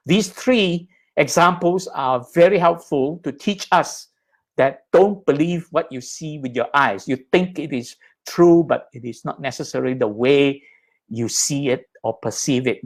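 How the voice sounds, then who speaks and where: A man's voice: fairly high pitch, animated, moderate pace. Patient man teaching Buddhist ideas. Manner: patient, explanatory, checks in with "right?" and "okay?". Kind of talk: lecture explaining slides.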